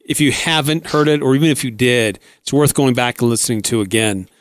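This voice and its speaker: A man's voice: mid-range voice, fairly quick, no room sound. A male sports radio host talking casually and unhurriedly, with many filler words.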